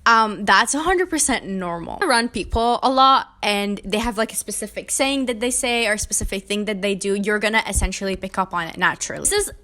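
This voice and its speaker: Bright-voiced young woman vlogging. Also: mid-range voice, fairly quick, hardly any pauses. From Arabic-speaking country. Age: young adult. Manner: chatty, frank, self-deprecating, with asides. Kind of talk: casual opinion vlog.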